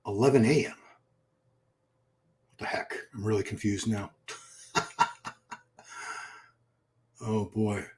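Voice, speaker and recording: A man's voice: mid-range voice, warm tone. A middle-aged man hosting a live stream, chatting casually, thinking aloud and reacting to viewer comments. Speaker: livestream host. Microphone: computer mic for live stream.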